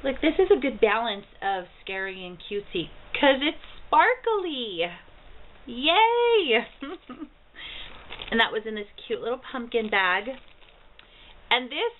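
A bubbly woman in her thirties shows off gifts in a casual home vlog, gushing and delighted, her voice fairly high and her speech slow and drawn out. The audio is tinny and narrow, like a phone line, from a built-in camera mic with a faint hiss behind her. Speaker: vlogger. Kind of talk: casual mail haul vlog.

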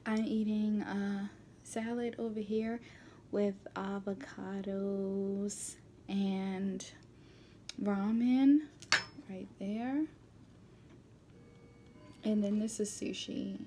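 A woman vlogger chatting casually while she eats, sometimes dropping into a soft whisper, recorded on a built-in camera mic. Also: medium pitch, fairly even intonation, slow pace, long pauses, slight background noise. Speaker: mukbang vlogger. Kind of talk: casual chat while eating.

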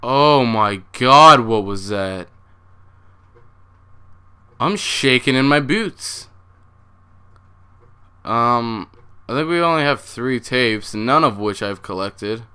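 A man's voice: mid-range voice, expressive, takes it slowly, long pauses, pushed and bright, clear, resonant tone. A young man hosting a horror game playthrough, jumpy and swearing a lot as he talks to his viewers. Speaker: gaming channel host.

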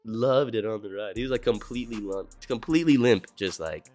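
A man's voice: lowish voice, a little fast, a little mellow, faint music behind. A young man in his twenties chatting on a livestream, laid-back and swearing a lot as he reacts to chat. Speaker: streamer.

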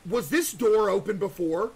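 A man streaming a horror game, excitable and stammering as he talks to his chat. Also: sits high, normal speed, gravelly, slightly rough. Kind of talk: live horror gameplay commentary.

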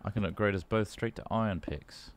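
Deep-voiced male co-host with a dry, deadpan delivery for casual gameplay chat. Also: fairly quick, slight background noise. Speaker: gaming co-host. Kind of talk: casual chat while playing.

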